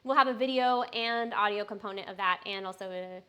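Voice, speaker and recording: A woman's voice: medium pitch, fairly quick, a bit bright, clear, resonant tone. A young adult woman, a personal trainer, chatting casually and upbeat on a live stream, with frequent fillers.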